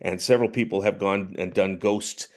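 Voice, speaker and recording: A man hosting a podcast, asking casual interview questions in a halting way. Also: sits low, fairly even intonation. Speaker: podcast host.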